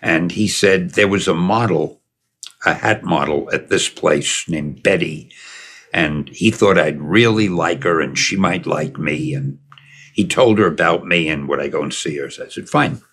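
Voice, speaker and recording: A man's voice: low-pitched, a little slow, fairly bright tone, breathy edge. An older man telling a long personal story in a casual, digressive way, chuckling as he goes. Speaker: storyteller recalling his past. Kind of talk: casual spoken reminiscence.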